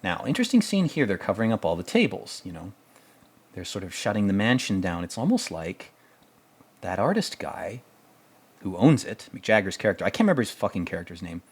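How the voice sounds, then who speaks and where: A man with a fairly low voice talks through a movie in loose, rambling commentary. He swears freely, stays sarcastic and keeps circling back on his own points. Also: very animated, a little fast, slightly rough. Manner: rambling, profane and sarcastic, often laughing. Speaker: podcast host reviewing a film. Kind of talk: casual film commentary.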